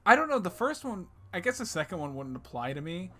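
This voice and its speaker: Bright-voiced young man joking around. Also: high-pitched, big pitch swings, fast. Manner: jokey, loose, swears and puts on silly voices. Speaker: podcast co-host. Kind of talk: casual chat.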